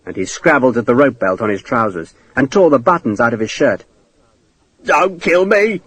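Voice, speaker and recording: Expressive male audiobook narrator. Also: mid-range voice, a little fast, breathy edge, dry recording, low-quality recording. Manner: dramatic, expressive reading. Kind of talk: scripted narration.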